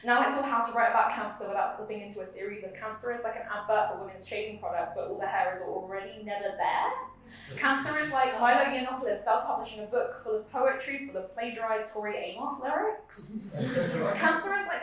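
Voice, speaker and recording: A woman's voice: on the high side, fairly bright tone. Young woman poet reading in an echoey room. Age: young adult. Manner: measured reading with chatty asides between poems. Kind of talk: live poetry reading. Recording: very echoey room, mic far off.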